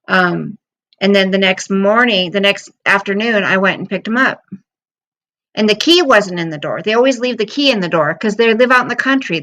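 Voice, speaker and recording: A middle-aged woman talks casually to her viewers on a livestream. She rambles through personal stories in an open, emotional way. Her pitch sits in a mid range. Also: a bit bright, poor audio. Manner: chatty, rambling, emotional storytelling. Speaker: livestream host.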